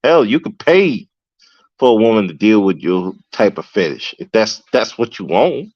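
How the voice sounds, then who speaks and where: Animated, profane man with a lively voice. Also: lowish voice, normal speed, no echo. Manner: animated, profane, slangy, many fillers and restarts. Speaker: podcast host, correctional officer. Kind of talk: casual storytelling rant. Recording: dull lo-fi dry sound.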